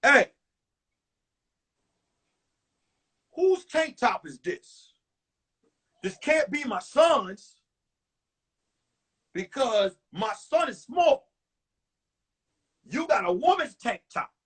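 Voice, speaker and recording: A man voicing a jealous, menacing burly man who shouts slowly and threateningly. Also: very high-pitched, expressive, breathy edge, exaggerated voice. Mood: angry. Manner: loud, slow, threatening.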